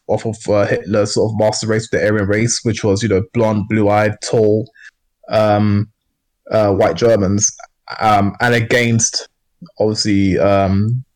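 Rambling man on a podcast. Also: lowish voice. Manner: rambling, many fillers and restarts. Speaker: podcast co-host. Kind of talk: casual podcast discussion.

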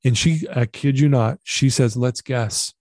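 Middle-aged man, interview guest, earnest animated storyteller, warm mellow tone, dry close sound. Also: mid-range voice, normal speed, no room sound.

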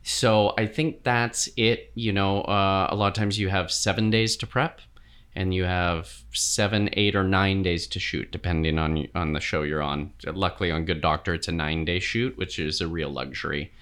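A middle-aged man, a TV director, answering interview questions in a reflective, measured way with frequent fillers. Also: low-pitched, fairly even intonation, a bit bright, smooth. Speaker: TV director, guest.

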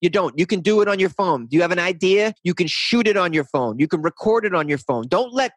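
Rambling, animated man with a fairly high voice. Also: quick pace, no room sound. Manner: rambling, animated, restarts often. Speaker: podcast guest, weird news podcaster. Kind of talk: casual interview talk.

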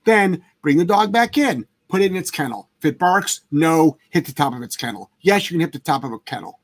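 A man's voice: fairly high pitch, lively intonation, a little fast. A man hosting a casual live chat as a dog trainer, talking bluntly and emphatically with plenty of swearing. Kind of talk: casual livestream chat answering viewer questions.

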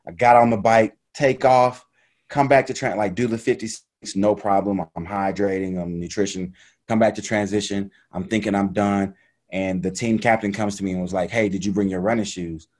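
A man casually telling a story about a race in an animated, laughing way, acting out what people said. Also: on the low side, normal speed. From United States. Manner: animated, laughing retelling with quoted voices.

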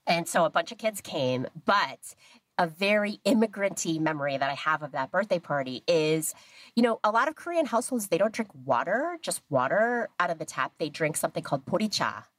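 A woman in her thirties telling family stories in a lively, casual way, acting out the voices of the people she quotes. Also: lowish voice, brisk, dry recording. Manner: animated, acts out quoted voices, laughs often. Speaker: guest. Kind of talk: casual storytelling.

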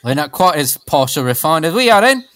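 A man's voice: a little high, very animated, fairly quick, a bit bright, dry recording. A man voicing a cheerful male navy captain with a put-on Australian accent, breezy and chatty in an improvised comedy sketch. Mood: jolly. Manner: breezy, ends sentences with "then".

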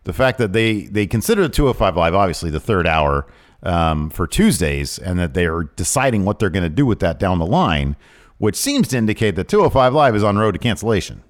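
Lively-pitched male wrestling podcast co-host. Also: a little fast. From American South. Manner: reads previews in a hammy announcer voice. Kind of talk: casual chat.

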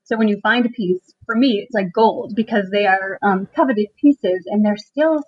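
A woman's voice: medium pitch, normal speed. Chatty woman with a slightly dull sound. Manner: chatty, laughs often, many "um"s and restarts. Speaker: furniture refinisher, contest winner. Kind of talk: casual interview chat.

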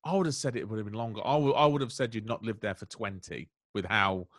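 A man chatting as a guest comedian on a casual podcast, quick and chatty, often breaking into laughter. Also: on the low side, no echo, clean studio sound. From England.

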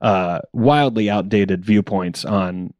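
A man's voice: lowish voice, slow pace, a little mellow, no room sound, highs cut off. Rambling young man, dry close sound. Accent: General American. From South Carolina, US. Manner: rambling, self-interrupting, laughs often. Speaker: stand-up comedian guest. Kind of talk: casual podcast chat.

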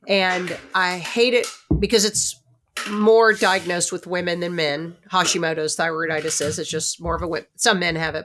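A woman's voice: on the low side, a little hiss or hum. Outspoken New Jersey woman in her fifties. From Newark, New Jersey. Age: late 50s. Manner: outspoken, animated storyteller. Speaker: host. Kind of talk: casual podcast conversation.

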